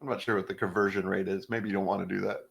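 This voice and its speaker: Deep, creaky, and rapid-fire, a middle-aged comedian's voice carries his casual podcast storytelling. He stays relaxed and mimics the voices of the people in his stories.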